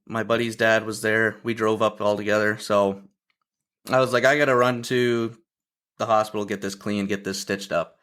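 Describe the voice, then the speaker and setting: A man's voice: fairly low pitch, normal speed, clean tone. A man from Ontario, a podcast guest, telling a hunting story in casual chat over a video call and acting out the lines of the people in it. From Ontario, Canada. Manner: lively storyteller who acts out other people's quotes.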